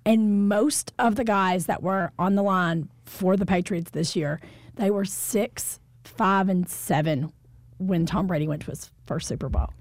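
A woman co-hosting a casual chat, an expressive storyteller who acts out quotes. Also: mid-range voice, a little slow, no room sound. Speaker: podcast co-host.

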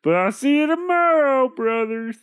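A man's voice: extremely high pitch, animated, moderate pace, clean tone, pitched above the performer's own voice. A man voicing a lazy, dim-witted young peasant simpleton in a comedic fairy-tale retelling, drawling and hesitant. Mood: dopey. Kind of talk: comedic storytelling.

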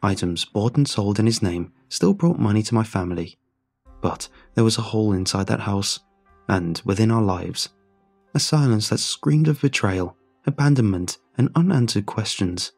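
A man narrating a first-person story in a measured, reflective way. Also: on the low side, expressive, a little mellow, husky, soft background music.

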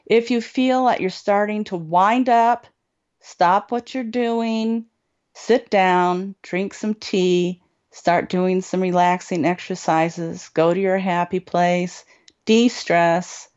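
A woman hosting a support group show, calmly coaching listeners on what to say to people. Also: fairly low pitch. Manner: slow, deliberate, coaching. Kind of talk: advice talk to listeners. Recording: dull lo-fi recording.

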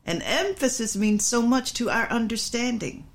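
Woman preacher, middle-aged, sermon teaching, emphatic, repeats phrases, drawn-out stresses. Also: on the high side, expressive.

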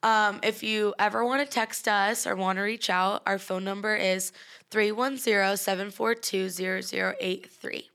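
A woman's voice: medium pitch, fairly even intonation, normal speed, vocal fry, a bit bright. A young adult woman co-hosting a podcast in casual chat, giggly and chatty with lots of fillers. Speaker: podcast co-host.

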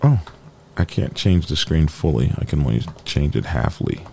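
Gravelly lively man hosting a live show. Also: very deep voice, normal speed, slight background noise. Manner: rambling, joking, talks to his dog mid-show. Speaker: biker news show host. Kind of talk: casual live-stream chat.

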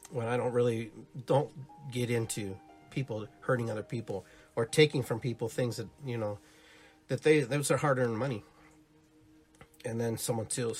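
A man hosting a spiritual podcast, talking casually and live to his listeners. He muses and rambles with many restarts and asides, and grows animated when he tells stories. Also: mid-range voice. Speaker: podcast host on spiritual and holistic topics.

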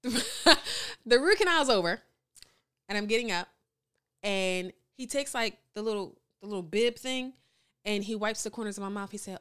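A woman's voice: mid-range voice, expressive, normal speed, pushed and bright, clean tone. A woman speaking as a podcast guest in a studio, chatting casually and candidly, with lots of slang, laughter and playful exaggeration, and reading out live comments.

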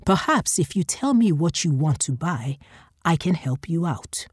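A woman's voice: deep voice, expressive, unhurried, breathy edge, dry recording, studio quality, heavily acted. A woman voicing a boastful male flesh worker who talks in a wheedling way.

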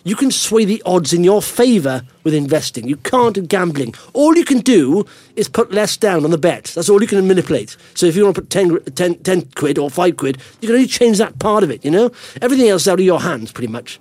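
Middle-aged male podcast host, excitable rambler, high animated delivery. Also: dry recording. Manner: excitable, rambling, quick-fire. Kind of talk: casual investing podcast chat.

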